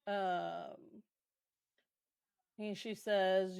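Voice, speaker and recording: A woman's voice: mid-range voice, slow, long pauses, fairly bright tone, clean tone, no room sound, studio quality. Irreverent woman podcast host recapping. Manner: chatty, irreverent, swears and laughs while retelling. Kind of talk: casual book recap.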